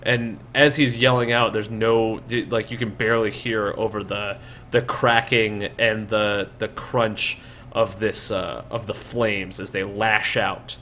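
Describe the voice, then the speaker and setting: A man's voice: on the low side, level tone, slow, bright, forceful tone, a little hiss or hum. A man narrating as dungeon master, rambling with many fillers and restarts. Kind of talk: narrating a tabletop game.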